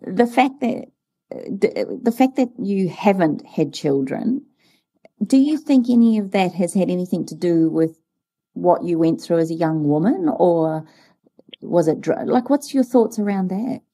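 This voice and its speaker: A woman in her forties, co-hosting a casual chat and telling stories with lively, acted-out dialogue. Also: lowish voice, moderate pace. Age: 40s. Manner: animated storyteller, acts out dialogue. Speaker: podcast co-host.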